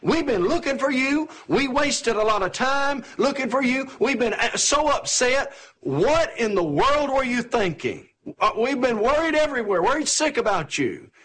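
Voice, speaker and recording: A man's voice: big pitch swings, moderate pace, fairly bright tone, heavily acted. A man acting out a worried mother scolding her missing son, in a raised, exasperated voice. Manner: pleading, exasperated, pitched high. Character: anxious scolding mother, woman, frantic.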